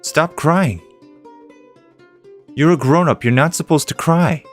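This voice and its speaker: Man doing a little girl, small and brave, for a game read-along. Voice pitched up, game music faint underneath. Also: takes it slowly. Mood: firm. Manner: reading game text aloud in a raised voice. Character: young girl summoner, small, sad but brave.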